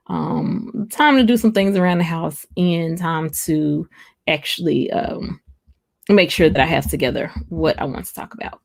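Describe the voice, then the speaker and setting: Southern woman, young adult, livestream host; easygoing chatter to viewers, voice with a gravelly fry at the edges. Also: fairly low pitch. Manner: chatty, reads viewer comments aloud, laughs often. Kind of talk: casual livestream chat.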